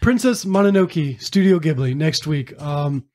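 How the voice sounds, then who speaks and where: A man's voice: fairly high pitch, measured pace, darkish tone. A man co-hosting a film podcast in casual chat, often repeating words and restarting his sentences. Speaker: podcast co-host.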